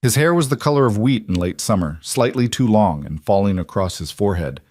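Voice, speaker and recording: A man reading a frontier romance story aloud as narrator, measured and steady, lifting his voice for the women's lines. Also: no echo, studio quality. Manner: measured storytelling, lifts pitch for women's dialogue. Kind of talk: scripted narration.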